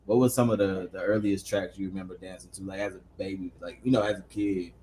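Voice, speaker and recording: A man's voice: deep voice, fairly even intonation, fast, a little mellow, slight background noise, rough recording. A man from North Carolina with a Southern accent, hosting a podcast in a laid-back chat and laughing easily. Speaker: podcast host. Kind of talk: casual interview chat.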